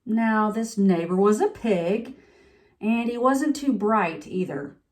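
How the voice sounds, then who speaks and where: A woman's voice: medium pitch, lively intonation, slow pace, darkish tone. A woman reading a picture book aloud as a sniffly, self-pitying male wolf who tells his side of the story in a confiding voice.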